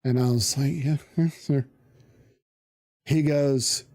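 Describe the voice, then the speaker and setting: A man casually telling a profane story on a live stream, animated and acting out the voices of people he quotes. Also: medium pitch, slow, pauses often.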